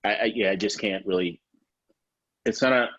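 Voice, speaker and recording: Man, Nigerian accent, podcast host, friendly, husky, muffled lo-fi sound. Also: on the low side, normal speed, no echo. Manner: relaxed, friendly, asks questions. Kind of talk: casual podcast interview.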